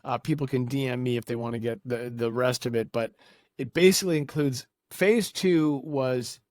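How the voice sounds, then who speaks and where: A man spinning casual storytelling as a podcast guest, his voice close and dry with no room sound. He sits at a middle pitch for a man and keeps the telling animated, slipping into the voices of people he quotes. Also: moderate pace, no echo.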